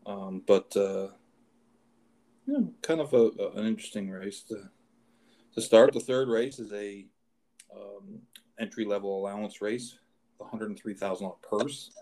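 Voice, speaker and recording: A man with a fairly low voice hosts a casual horse racing talk show. He talks in a halting way, stacking fillers and restarting his sentences as he goes through the card. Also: sing-song, dark tone. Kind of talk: casual chat.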